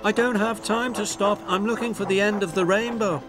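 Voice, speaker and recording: A man's voice: high voice, moderate pace, loud music behind the voice, pitched above the performer's own voice, lightly acted. A man voicing a cheeky, over-eager little male tank engine in a cartoon storybook. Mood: hurried. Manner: excited, breathless exclamations.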